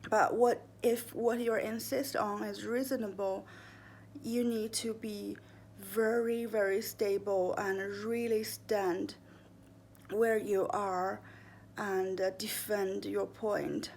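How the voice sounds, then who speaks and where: Brief: young woman vlogger, slow and deliberate, gravelly voice, earnest advice. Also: mid-range voice, a little hiss or hum. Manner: calm, earnest, deliberate, with fillers and slips. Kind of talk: casual advice monologue.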